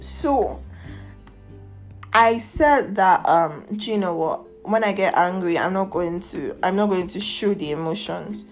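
A woman's voice: lowish voice, moderate pace, hardly any pauses, darkish tone, soft background music. Candid Nigerian woman ranting. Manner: candid and emotional, mixing Nigerian slang. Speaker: podcast host. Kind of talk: personal rant podcast.

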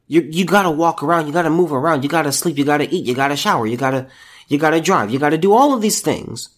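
A man's voice: fairly high pitch, quick pace. A man hosting a solo commentary podcast, ranting in disbelief and restarting his sentences often. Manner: incredulous, ranting, many restarts. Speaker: podcast host.

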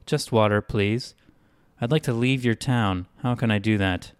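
A man's voice: on the low side, measured pace, clean tone, no echo, lightly acted. A man voicing a frightened young woman who is trapped in a strange town and keeps asking anxious questions. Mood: uneasy.

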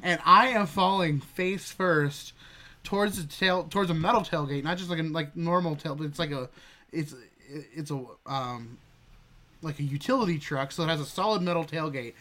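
A man's voice: a little high, normal speed, bright, forceful tone. A young man casually telling a funny work story as a podcast co-host, laughing and swearing freely.

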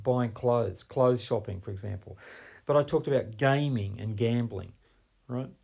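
Husky-voiced man coaching on a podcast. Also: mid-range voice, darkish tone. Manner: emphatic, rambling, keeps asking "right?". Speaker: podcast host and performance coach. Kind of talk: solo podcast monologue.

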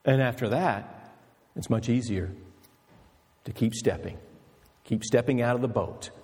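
A man's voice: mid-range voice, unhurried, a little mellow, breathy edge, big-room sound. A male pastor preaching an emphatic, storytelling sermon with rhetorical questions.

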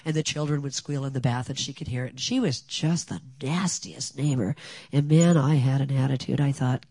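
An older woman speaking at a women's gathering, giving a personal testimony as an animated storyteller with lively asides. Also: extremely low pitch, normal speed, breathy edge, no room sound.

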